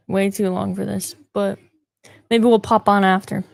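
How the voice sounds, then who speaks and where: A woman co-hosting a live wrestling watch party stream, chatting casually and laughing often between quick asides. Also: medium pitch, steady tone, creaky, darkish tone. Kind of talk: casual live reaction chat.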